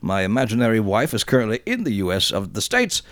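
A podcast co-host reading a listener's letter aloud, doing a deliberately bad British accent for the male writer. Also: on the low side, huge pitch swings, fairly bright tone, dry recording, pitched below the performer's own voice. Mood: mock-pompous. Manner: comic exaggerated reading voice.

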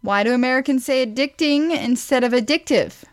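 A woman's voice: sits high, brisk. A woman co-hosting a podcast, reading questions aloud from a list in a dry, teasing way. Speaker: podcast co-host.

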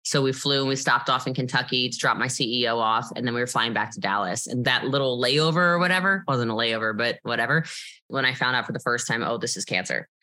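Interview guest: a woman with a low, forceful voice, blunt and emphatic. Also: quick pace. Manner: emphatic and animated, blunt, swears freely. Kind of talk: personal interview storytelling.

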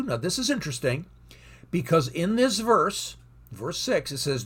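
A man's voice: fairly high pitch, lively intonation, moderate pace, a bit bright, slightly rough. A man teaching from the Bible in an earnest sermon, reading verses aloud with rising emphasis.

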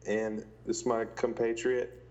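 A man's voice: medium pitch, flat delivery, unhurried, a little mellow, dull audio. Jokey young man co-hosting a podcast. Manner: jokey, laughs often, spells out handles. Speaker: podcast co-host. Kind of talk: casual chat.

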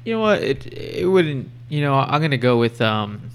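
A man's voice: mid-range voice, very animated, moderate pace, slight background noise. A man on a casual podcast who talks hesitantly and giggles often. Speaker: podcast co-host.

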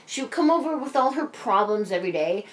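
A woman's voice: mid-range voice, very animated, fast. A woman co-hosting a casual chat, telling a story animatedly with lots of swearing. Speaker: podcast co-host.

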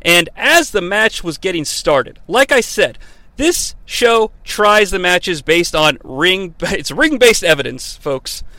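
A high-pitched American man hosts a comedic review monologue, rambling, swearing freely and slipping into mock-courtroom formality. His voice is bright and forward, recorded close and dry. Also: dry recording. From United States. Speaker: host of a wrestling review show.

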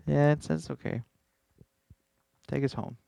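A man's voice: a little high, steady tone, a little slow, vocal fry, mellow, dry recording, clean studio sound. A man co-hosting a podcast in casual chat, joking and mocking himself in banter. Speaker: podcast co-host.

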